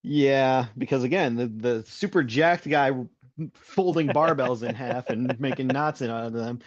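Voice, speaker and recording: A man's voice: mid-range voice, a little slow, dry recording, muffled recording. A man co-hosting a casual comic book podcast, cracking wry jokes and laughing often. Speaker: podcast co-host.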